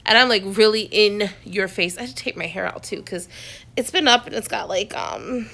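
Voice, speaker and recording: A woman's voice: mid-range voice, normal speed, gravelly, sharp tone. A woman talking casually to her phone camera from her couch at home, rambling with lots of fillers and restarts. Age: adult, has a son. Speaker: vlogger. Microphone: phone on a selfie stick, close.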